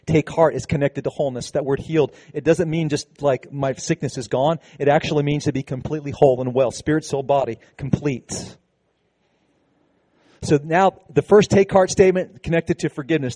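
A man's voice: a little high, warm tone, no room sound. Emphatic man preaching a sermon. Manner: preaching with call-and-response to the congregation; emphatic, slows down for key phrases. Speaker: pastor.

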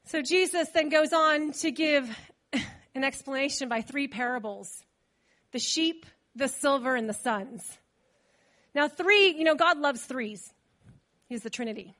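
A woman preaching a sermon in a chatty, animated way, with asides to the congregation. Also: high-pitched, a little slow.

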